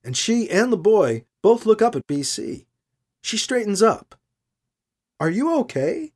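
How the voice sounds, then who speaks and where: Expressive audiobook narrator. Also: medium pitch, a little slow. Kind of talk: scripted narration.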